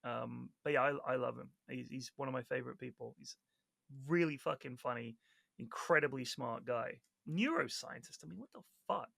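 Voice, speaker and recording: A man chatting casually on a podcast, telling stories with lively acted-out quotes and plenty of swearing. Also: medium pitch, moderate pace, vocal fry, no echo, studio quality. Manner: animated storyteller, acts out quoted people, swears freely. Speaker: Dota 2 caster, podcast guest.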